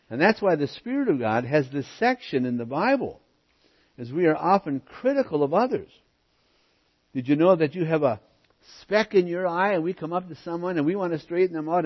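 Husky-voiced man preaching an expository sermon. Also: mid-range voice, highs cut off. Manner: emphatic, often drops to quiet asides. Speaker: pastor. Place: church.

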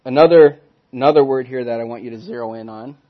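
An earnest man teaches a Bible study at a middle pitch. He punches his key words and then lets each phrase trail away quietly. The recording sounds dull and lo-fi. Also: fast talker. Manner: earnest, emphatic, swings from loud stresses to soft trailing ends.

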